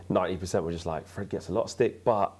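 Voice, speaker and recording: A man hosting a casual football chat, relaxed and thinking aloud with frequent restarts. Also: deep voice, fast, slightly rough. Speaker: host.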